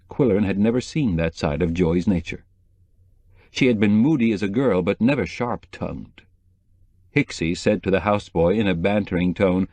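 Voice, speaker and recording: A man reading a cozy mystery audiobook in measured, even scripted narration. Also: low-pitched, no echo.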